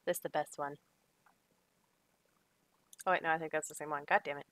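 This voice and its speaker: A woman streams a game and chats with her teammates, giggling often and swearing lightly. Her voice is bright and clear. She keeps a relaxed, chatty tone. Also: deep voice, moderate pace, no room sound. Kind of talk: casual gaming chat.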